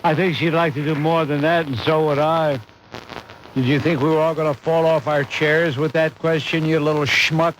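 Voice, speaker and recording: A man's voice: a little high, level tone, a little slow, long pauses, poor audio. A man hosting a call-in talk radio show, brusque, sarcastic and exasperated with callers. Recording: hissy AM radio cassette recording.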